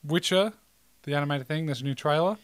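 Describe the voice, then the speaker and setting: A man's voice: on the high side, a little fast, clear, resonant tone, no room sound. A man, co-hosting a casual podcast chat in a laid-back, swearing manner. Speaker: podcast co-host.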